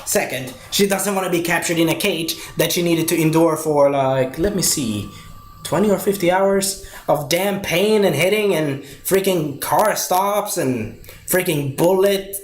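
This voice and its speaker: A man casually reviewing a movie, rambling with many fillers and restarts. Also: medium pitch. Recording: echoey room with faint noise.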